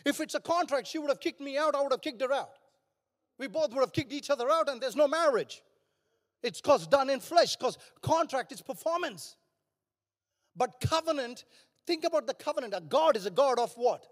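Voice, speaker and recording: An older man preaching with fervor, his voice unusually high for a man and climbing into shouts as he presses his point. The sound rings with a long reverb, as in a large church hall. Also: expressive, normal speed. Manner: passionate, rising to shouts. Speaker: pastor. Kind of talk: sermon.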